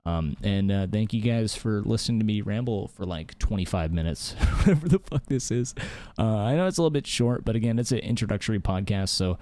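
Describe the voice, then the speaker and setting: A man's voice: lowish voice, lively intonation, a little fast, few pauses, darkish tone, dry recording. A man hosting his own podcast from a home office, rambling heatedly and swearing a lot. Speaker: podcast host. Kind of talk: casual solo podcast rant.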